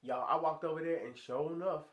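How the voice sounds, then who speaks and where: A young man telling a story to his viewers in a casual, slangy, animated way, sounding stuffy from a sinus infection. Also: brisk. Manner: animated, slangy, acts out high squeaky voices in quotes. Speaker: vlogger.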